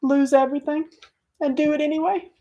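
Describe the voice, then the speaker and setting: A woman's voice: high-pitched, steady tone, fairly quick, mellow, dull audio. A middle-aged woman hosting a casual livestream, talking animatedly, swearing freely and reading out viewer comments. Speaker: livestream host.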